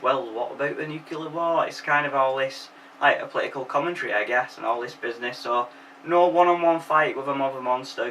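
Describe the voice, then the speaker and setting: A man's voice: medium pitch, bright, forceful tone, recorded from a distance, low-quality recording. Brief: young male host, jokey sweary film recap, faint background hiss.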